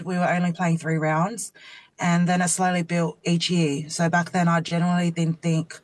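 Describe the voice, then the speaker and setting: In a casual chat interview, a woman rugby league player appears as a guest, animatedly acting out quotes as she tells a story. Her voice is fairly low, and there's no room sound.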